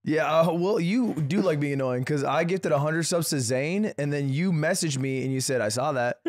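A man co-hosting a casual podcast, jumping in quickly with mock indignation. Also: a little high. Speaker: podcast co-host. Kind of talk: casual chat.

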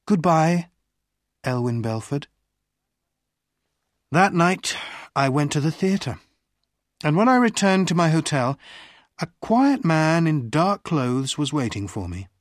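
An audiobook reader narrates a first-person story slowly and carefully for English learners. The voice is husky and lively in pitch, recorded dry and close with no room sound. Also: no echo. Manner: slow, careful, expressive reading.

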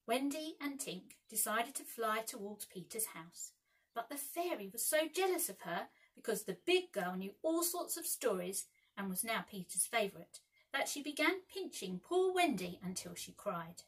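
Husky woman reading a children's story. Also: fairly high pitch, moderate pace, rough recording. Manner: expressive, lively storytelling. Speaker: teacher.

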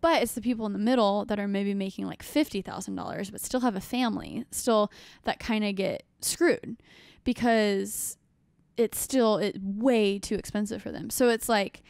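A young adult woman hosting a podcast, talking in an animated, rambling way full of fillers and restarts. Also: mid-range voice, moderate pace, vocal fry, no echo. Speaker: podcast host. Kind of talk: casual chat.

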